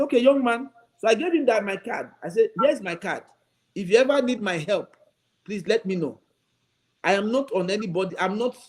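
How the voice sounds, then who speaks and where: High, animated bishop. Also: male voice, poor audio. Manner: emphatic, pleading storyteller. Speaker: bishop and guest. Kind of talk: radio talk show interview.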